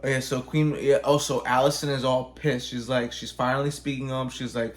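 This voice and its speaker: Man telling a loose, profane story. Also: mid-range voice. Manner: acts out characters with quick voice changes. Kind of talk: casual chat.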